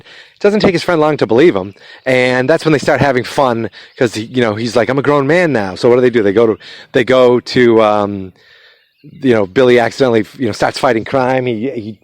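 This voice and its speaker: A man's voice: medium pitch, no echo. Rambling man recapping a movie. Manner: rambling, loose retelling with many fillers and restarts. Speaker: podcast host.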